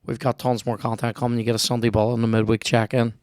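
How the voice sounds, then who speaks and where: A man's voice: medium pitch, monotone, fast talker, darkish tone, smooth, no room sound, studio quality. A young man with a Northern Irish accent hosting a podcast, rambling cheekily through ad reads and casual chat, swearing freely. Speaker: podcast host.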